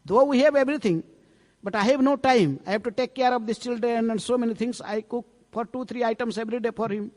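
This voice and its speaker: A man's voice: extremely high pitch, fast talker. A man doing an upset wife, raised voice. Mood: pleading. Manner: pleading, then shouting. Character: harried young wife pleading, then furious. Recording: long hall reverb.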